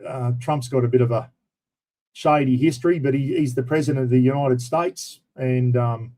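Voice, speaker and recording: A man's voice: mid-range voice, steady tone, moderate pace, mellow, rough recording. A middle-aged Australian man hosting a livestream, talking in a blunt, rambling, colloquial way. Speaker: livestream host. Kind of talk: casual livestream chat.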